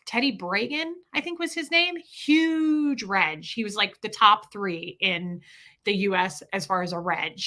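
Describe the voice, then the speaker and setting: A woman hosting a livestream, telling stories in a casual, profane, animated way and acting out the people she quotes. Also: mid-range voice. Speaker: livestream host. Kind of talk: casual storytelling to a live chat.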